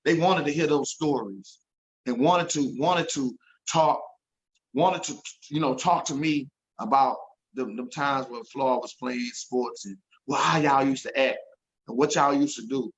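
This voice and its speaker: A man's voice: mid-range voice, a little slow, poor audio. A man telling an emotional story as an interview guest, earnest and repeating himself when moved.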